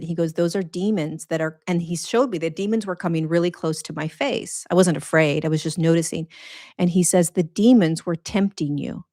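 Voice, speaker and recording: A woman's voice: fairly low pitch, darkish tone, dry recording. Earnest, rambling woman with a dry, close sound. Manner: earnest, rambling, conversational with many restarts and fillers. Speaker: spiritual teacher. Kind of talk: casual spiritual talk to followers.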